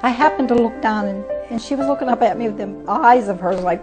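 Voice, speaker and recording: A woman's voice: mid-range voice, fairly even intonation, fairly quick, creaky, few pauses, rough recording. An older woman in a documentary interview, telling her story as a foster mother in a homespun way, acting out the dialogue and using folksy grammar. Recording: music bed under the voice. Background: music under the voice.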